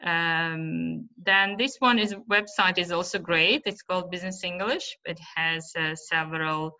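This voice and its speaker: A woman's voice: lowish voice, measured pace, bright, forceful tone. A middle-aged woman with an Uzbek accent presenting a teaching webinar, explaining patiently with fillers and frequent "right?" checks. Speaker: teacher trainer. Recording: dull lo-fi webinar audio.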